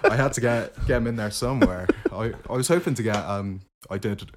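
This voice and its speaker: A man with a lowish voice hosts a podcast. He reads his own fan fiction aloud in an amused way, often laughing along. The reading is loose and casual. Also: fairly quick, a crowd in the background.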